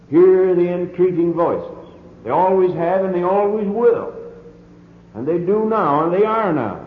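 Guy preaching a sermon, earnest and emphatic, big echoey hall, tinny old tape sound. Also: high-pitched.

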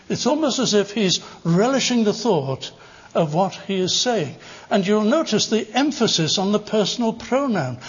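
An older man delivers a sermon in a high, husky voice, leaning hard into repeated phrases. The sound is dull and muffled, with a long reverb trailing through a large hall. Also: sing-song, normal speed. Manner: earnest, rising to emphatic stresses on repeated phrases. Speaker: preacher.

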